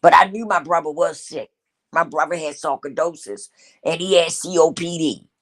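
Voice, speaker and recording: A woman's voice: deep voice, moderate pace. A middle-aged woman hosting her own show, telling a personal story in an emotional, repetitive way and speaking straight to her listeners. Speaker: host.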